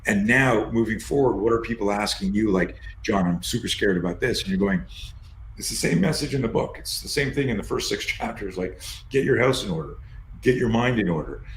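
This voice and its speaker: A man's voice: on the low side, brisk. A male interview host asking long, rambling questions, often restarting them. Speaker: podcast host. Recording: roomy with faint noise.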